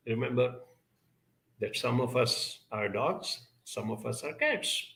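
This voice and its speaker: A man speaking in a slow, earnest self-help talk, often pausing with fillers. His voice is bright and gravelly. The sound carries a noticeable room echo. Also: mid-range voice, expressive. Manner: measured, earnest, many pauses and fillers. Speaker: self-help speaker answering viewer questions. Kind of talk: reflective talk.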